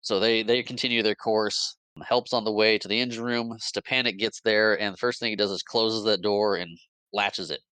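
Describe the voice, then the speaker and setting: A man retells a movie plot on a podcast in a loose, animated way, stumbling through restarts and briefly voicing the characters he describes. His voice sits a little low but sounds bright and crisp. The sound is close and dry, with no room around it. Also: normal speed, no echo. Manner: frequent restarts and fillers. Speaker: podcast co-host. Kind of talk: casual movie recap.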